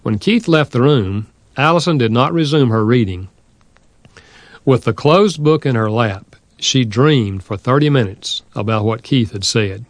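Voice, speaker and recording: A man narrating a nonfiction audiobook in a steady, measured reading style. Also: mid-range voice, dry recording.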